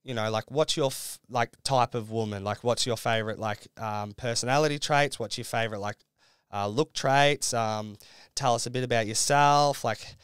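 A man's voice: medium pitch, steady tone, normal speed, fairly bright tone, clean tone, no room sound. A young Australian man telling a story as a podcast guest, laid-back and full of "like"s. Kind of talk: casual chat.

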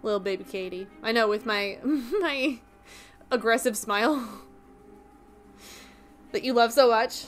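Chatty, giggly woman streamer. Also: on the high side. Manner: chatty, giggly, quick to riff on jokes. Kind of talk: casual chat with stream viewers.

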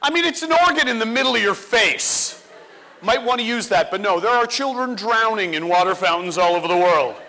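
A man giving a comic talk on stage, acting out children and teachers in an animated way. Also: sits high, a little fast. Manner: animated, acts out kids and teachers. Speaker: speaker.

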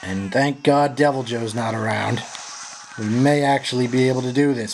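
A man giving profane, frustrated live commentary while playing a video game, yelling at his companions and apologizing to viewers. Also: medium pitch, moderate pace, a little hiss or hum. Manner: frustrated, swearing, sarcastic. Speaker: gameplay commentator.

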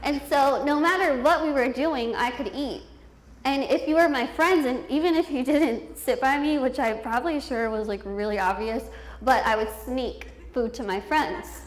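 A woman's voice: sits high, moderate pace, a little hiss or hum. A woman in her twenties telling her life story as a motivational speaker, candid and self-deprecating, laughing often. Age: 20s. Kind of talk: personal storytelling speech. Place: event hall with a youth audience. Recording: echoey room.

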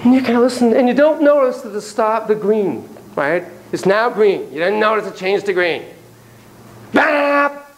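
A man giving a university lecture on psychotherapy, animated and profane, telling stories and acting out voices and sound effects. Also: sits high, fairly quick, few pauses, rough recording. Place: lecture room.

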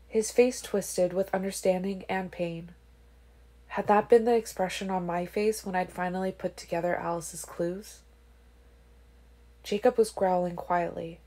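A woman reading a novel aloud in a quiet, soft-spoken way, dropping to a hush for dialogue. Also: fairly low pitch. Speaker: audiobook reader.

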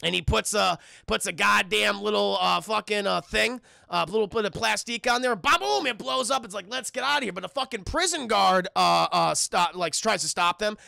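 A young man streaming a cartoon review, talking casually and excitably to his chat, with lots of swearing. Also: sits high, moderate pace, gravelly, hardly any pauses, dry recording, studio quality. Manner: profane, excitable, talks to chat.

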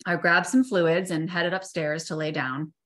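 A middle-aged woman, a therapist, reading aloud a personal chapter of her own book in a measured, soft way. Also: on the low side, steady tone. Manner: measured and soft, slowing on tender memories.

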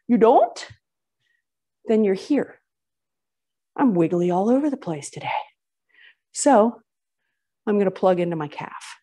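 Slow-talking woman leading a yoga class. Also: medium pitch, lively intonation, mellow. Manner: encouraging, chatty cues between breaths. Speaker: yoga instructor. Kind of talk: guiding a live yoga class.

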